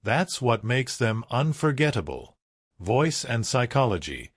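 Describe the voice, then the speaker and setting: A man reading a self-help audiobook as scripted narration, in an even, instructive way with deliberate pauses. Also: mid-range voice, slightly rough, no echo, studio quality.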